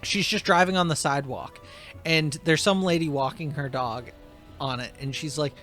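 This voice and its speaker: A man's voice: a little high, moderate pace, soft background music. A young man co-hosting a podcast, chatting casually while playing a video game and telling stories animatedly. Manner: animated storyteller, swears casually. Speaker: podcast co-host.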